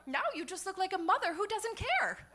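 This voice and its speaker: A man's voice: very high voice, brisk, voice pushed up, full character voice. A woman voicing a blunt, tactless male restaurant coworker who speaks rudely and matter-of-factly. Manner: flat-out rude, matter-of-fact.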